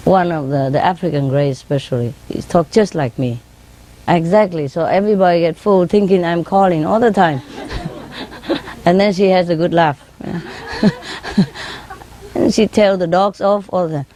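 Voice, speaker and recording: Telling casual stories to an audience as a spiritual teacher, this woman speaks non-native English with frequent "you know"s, laughs often and imitates the calls of her birds. Her fairly low voice has a warm tone, but the audio is poor.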